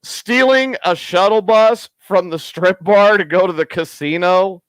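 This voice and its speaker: A man hosting a live show, chatting casually in a rambling, raunchy, excitable way. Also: sits high, a little slow, clean tone, dry recording. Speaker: host.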